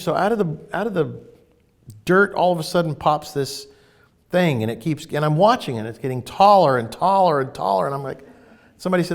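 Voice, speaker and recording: A man teaching in a casual spiritual talk, emphatic and animated as he tells stories. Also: on the high side, fairly quick, vocal fry.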